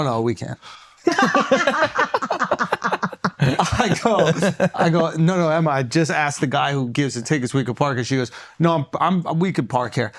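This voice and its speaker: A man from New York, a podcast host, telling stories in casual chat and acting out what others said. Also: a little high. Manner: animated storyteller, acts out quotes.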